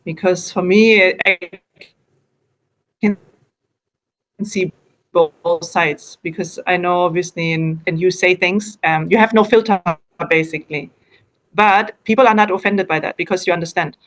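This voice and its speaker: A woman's voice: fairly low pitch, measured pace, a bit bright. A woman from Germany with a German accent, answering interview questions in English in a casual, hesitant way, often restarting and correcting herself as she explains.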